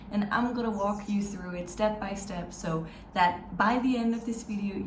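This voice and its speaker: A woman's voice: medium pitch, noisy background. Brief: encouraging woman language teacher, recorded a little off-mic in a roomy space. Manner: upbeat, encouraging, demonstrates sounds slowly. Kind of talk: step-by-step pronunciation lesson. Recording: echoey room, slightly distant mic, faint ambience.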